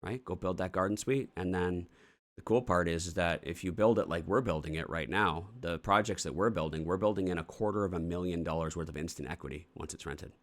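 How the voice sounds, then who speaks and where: Man, from Canada, very low voice, show host, casual rambling, blunt, swearing. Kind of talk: casual morning show chat.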